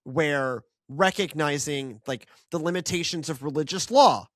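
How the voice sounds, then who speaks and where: Animated podcast co-host, dry sound. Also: medium pitch, measured pace, no room sound. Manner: animated, many fillers and restarts. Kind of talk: casual Bible discussion.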